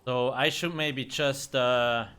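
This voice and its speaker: A man's voice: mid-range voice, steady tone, slow pace, pushed and bright, a little hiss or hum. A man streaming a video game, chatting casually in a blunt, profane and joking way. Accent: German. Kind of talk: casual live-stream commentary.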